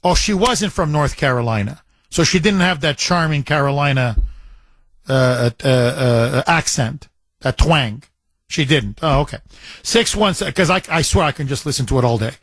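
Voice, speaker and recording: Man, radio host, studio mic, slightly high voice, dry sound, chatty, repeats himself. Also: moderate pace, a bit bright, dry recording. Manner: chatty, repeats phrases for emphasis. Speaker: radio talk show host. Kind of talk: talk radio call-in show.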